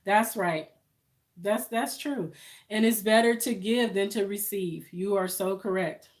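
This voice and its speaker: A woman's voice: medium pitch, a little slow. A woman, chatting on a live stream, emotional and thankful, laughing often. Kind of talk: casual live-stream chat with viewers.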